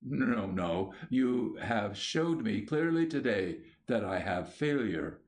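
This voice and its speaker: A man voicing an aging, gentle bishop who speaks in a soft, measured, sorrowful way. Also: lowish voice, very animated. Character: aging gentle male bishop, wistful and tired.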